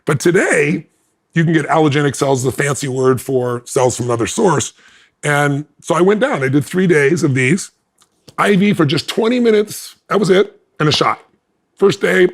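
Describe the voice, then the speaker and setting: A gravelly-voiced man, appearing as an interview guest, tells a personal story with animation. He acts out the quoted conversation with large pitch swings.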